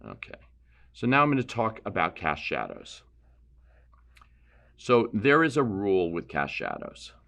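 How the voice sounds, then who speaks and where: Low-voiced man teaching painting. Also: a little slow, gravelly, long pauses. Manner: relaxed, explanatory, thinks aloud while painting, self-deprecating asides. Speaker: painting instructor. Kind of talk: painting demonstration.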